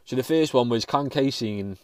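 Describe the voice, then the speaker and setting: A man's voice: mid-range voice, moderate pace, dry recording. A man hosting his own podcast, talking casually and rambling with frequent restarts and casual swearing. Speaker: podcast host. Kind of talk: casual solo podcast monologue.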